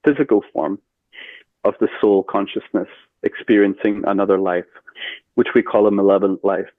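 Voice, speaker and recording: A man telling a personal story as a podcast guest, earnest and steady with fillers. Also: fairly low pitch, normal speed, no room sound. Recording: tinny phone-like line, dry.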